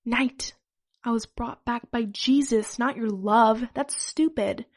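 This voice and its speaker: A man's voice: very high voice, takes it slowly, full character voice. Curt, mocking old dictator, voiced by a woman reading a story. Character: resurrected mustached dictator, man, mocking.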